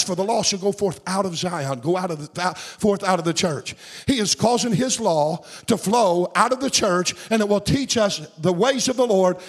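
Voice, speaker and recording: High-voiced fervent preacher man. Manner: fervent, shouting bursts, sing-song cadence. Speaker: pastor. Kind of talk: sermon.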